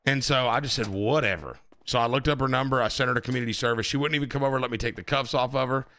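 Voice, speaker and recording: A man's voice: medium pitch, racing, a little hiss or hum. A young man, a brash, chatty streamer playing a marshal in a live roleplay. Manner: animated, brash, chatty with viewers.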